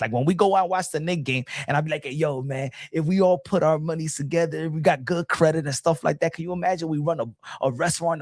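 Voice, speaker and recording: A male boxing streamer chats through a live stream, answering viewers in an excitable, slang-filled flow that often restarts. His voice swings widely in pitch and sits a little high for a man. The sound is dry and close. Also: no room sound. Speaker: boxing show host reading live chat. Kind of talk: casual live-stream commentary.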